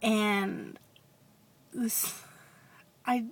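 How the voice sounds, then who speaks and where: A woman telling a personal story in a confessional vlog, hesitant and rambling with many restarts, sometimes dropping to a soft whisper. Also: mid-range voice, fairly even intonation, very slow, creaky. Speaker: vlogger.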